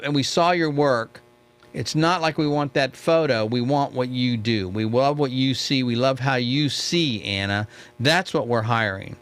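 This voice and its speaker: A man's voice: mid-range voice, fairly bright tone. A middle-aged man hosting a live mentoring talk, chatty and storytelling, who often checks in with "okay?". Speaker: host.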